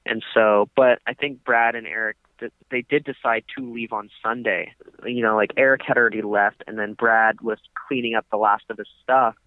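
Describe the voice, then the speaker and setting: A man's voice: lowish voice, steady tone, moderate pace, dry recording. Young man rambling over a phone line. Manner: rambling storyteller, many fillers. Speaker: podcast co-host. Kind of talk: casual chat on a phone call.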